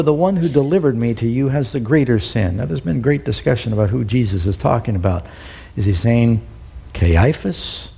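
A middle-aged preacher reads scripture and breaks off to comment on it. His voice is mellow and a little husky. He throws himself into the quoted lines, raising his pitch and pressing on the words. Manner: acts out the quoted lines with rising pitch and emphasis. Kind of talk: sermon, reading scripture with commentary.

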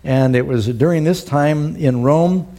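A man's voice: unhurried, dark tone. A middle-aged man preaching a sermon, reading scripture aloud and commenting on it, lifting his voice to act out the quoted speech. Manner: acts out the quoted lines with rising pitch and emphasis.

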